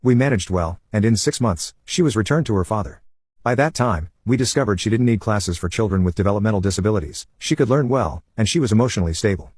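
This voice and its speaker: Husky low-voiced man reading stories. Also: no echo, clean studio sound. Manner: even, unhurried reading with no fillers. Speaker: narrator. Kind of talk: reading online stories aloud.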